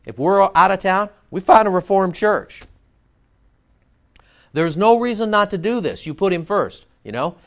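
Brief: confrontational male pastor, animated pitch swings, dull lo-fi recording. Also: a little slow. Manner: emphatic, confrontational, scolding. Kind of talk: sermon.

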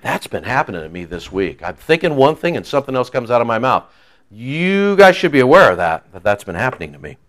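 A male pastor preaching a sermon in an animated, joking way, acting out quoted voices. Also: medium pitch, brisk.

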